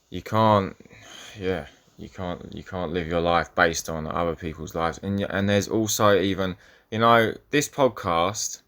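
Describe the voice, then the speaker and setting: The voice here is a young man's, fairly low in pitch and pushed with a bright edge, hosting a podcast by himself. He wanders from point to point, curses freely, and regularly cuts his sentences short.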